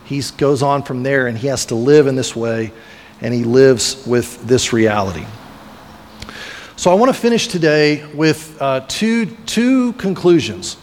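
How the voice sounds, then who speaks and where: In a big hall with long, echoing reverb, a male pastor narrates a Bible story in sermon form, briefly slipping into the voices of the people in it. His pitch is medium, and there is slight background noise.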